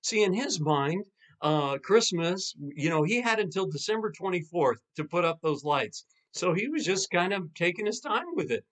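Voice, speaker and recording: Animated male pastor coaching couples. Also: high voice, moderate pace. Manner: animated, acts out quoted spouses. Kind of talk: casual teaching monologue.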